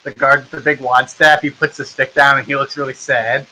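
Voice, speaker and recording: A man's voice: medium pitch, flat delivery, a little fast, background noise. A young man running a tabletop game as game master, narrating in an easygoing way with lots of ums. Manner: easygoing, many ums and likes.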